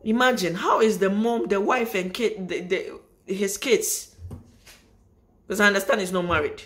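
A woman's voice: mid-range voice, a little slow. A woman vlogger speaks straight to her audience in a loose, unscripted monologue. She presses her points by repeating them and often breaks off mid-sentence to start again. The delivery is earnest and emphatic. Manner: emphatic, repeats phrases for stress; rambling with restarts, addresses viewers directly. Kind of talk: casual spoken monologue to camera.

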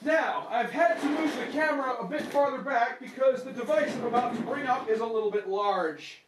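A man with a high voice rambles through a product review at home, dry and self-mocking. He's picked up by a camera mic, with clear noise hissing under the recording. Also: brisk. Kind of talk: casual unboxing commentary. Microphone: camera microphone.

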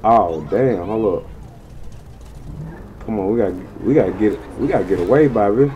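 Excitable man narrating his gameplay. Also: normal speed, highs cut off, a little hiss or hum. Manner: excitable, slangy, swears freely, yelps high when things go wrong. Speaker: gaming channel host. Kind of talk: casual gameplay commentary.

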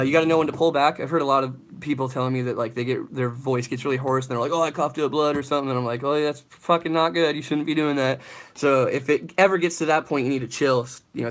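A young man, a vocalist, chatting loosely and swearing while he answers live chat questions about singing. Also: mid-range voice. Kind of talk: casual livestream Q&A.

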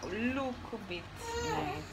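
A woman's voice: high voice, very animated, moderate pace, heavy background noise. A woman with a Jamaican accent mixed with British, chatting playfully and giving cooking instructions at home. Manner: playful, laughing, bossy with instructions. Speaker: vlogger host. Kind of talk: casual cooking vlog chat. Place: home kitchen.

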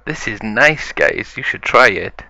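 Guy putting on a hyper little piglet boy, gravelly, dry. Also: mid-range voice, lively intonation, a little slow, pushed and bright, no room sound, highs cut off, full character voice. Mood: excited. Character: excitable little male cartoon piglet.

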